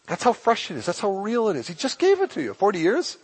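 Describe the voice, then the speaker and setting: Husky-voiced impassioned male pastor. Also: sits high, wildly swooping pitch, fast, poor audio. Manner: impassioned preaching that swings between loud emphasis and hushed lines. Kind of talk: sermon.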